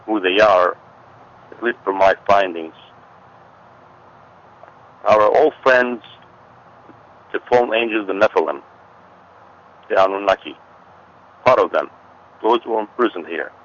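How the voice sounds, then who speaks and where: Man, interview guest, emphatic, repeats warnings, low voice, muffled lo-fi audio. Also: unhurried, pauses often. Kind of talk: conversational explanation. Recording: dull lo-fi audio.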